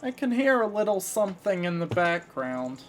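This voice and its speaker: A man's voice: high-pitched, big pitch swings, normal speed, soft background music. A man casually commentating his video game playthrough, musing through his moves with a slight frog in his throat. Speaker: let's play host.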